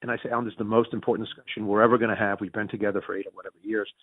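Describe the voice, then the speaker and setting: A man with a Northern US Yankee accent telling stories as an interview guest, acting out quoted dialogue with big pitch jumps and often restarting his words. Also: flat delivery, racing, breathy edge, dry recording. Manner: frequent restarts and repeated words. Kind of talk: storytelling in a conversational interview. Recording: tinny phone-like dry audio.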